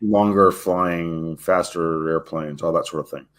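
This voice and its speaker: A man co-hosting a history show, asking long halting questions full of fillers. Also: low voice, steady tone. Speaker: podcast co-host. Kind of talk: interview questions.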